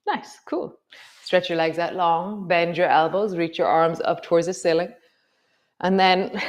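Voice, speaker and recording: A woman teaching a yoga class, giving calm, slow movement cues with soft trailing words. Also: on the low side, clear, resonant tone. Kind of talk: guided yoga class instruction.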